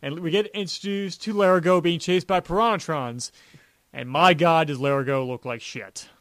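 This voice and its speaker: A man's voice: a little high, normal speed, fairly bright tone, dry recording. A young man from New York co-hosting a podcast, talking in a rambling casual way with lots of "like" and restarts. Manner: rambling, many restarts and "like" fillers. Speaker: podcast co-host. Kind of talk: casual chat.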